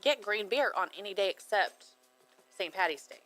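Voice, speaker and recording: A bright, animated woman co-hosting a casual radio show. She teases her partner with dry remarks and keeps the talk on track, her pitch swinging freely around a middle register. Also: moderate pace, faint music behind, low-quality recording.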